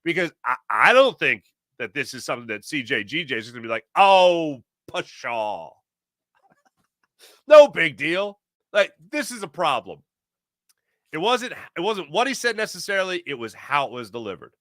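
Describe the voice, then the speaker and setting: Sports podcast guy ranting, super animated, bright punchy voice, dry close mic. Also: fairly high pitch, a little fast, dry recording. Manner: animated, opinionated, acts out quoted voices. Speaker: podcast host. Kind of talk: casual sports talk monologue.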